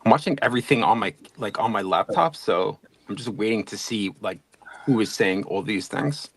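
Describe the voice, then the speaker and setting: Low-voiced man rambling casually. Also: normal speed. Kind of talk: casual group chat on a call.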